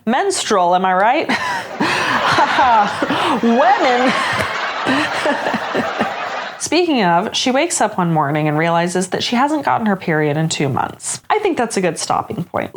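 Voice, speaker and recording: A young woman chatting through a book recap and review, sarcastic and full of asides. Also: mid-range voice.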